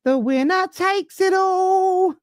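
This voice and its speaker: A man putting on a gushing, drawn-out falsetto as a swooning, forgiving football fan. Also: fairly even intonation, no room sound, clean studio sound.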